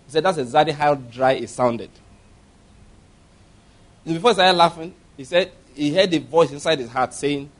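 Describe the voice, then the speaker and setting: A man's voice: on the high side, normal speed. A man preaching a sermon, telling a story with acted laughter and emphatic direct questions to the congregation.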